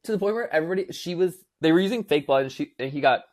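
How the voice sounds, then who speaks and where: Animated young man telling a story. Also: on the high side, very fast. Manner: animated storyteller, acts out quotes in voices, many fillers. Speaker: podcast co-host. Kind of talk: casual podcast chat.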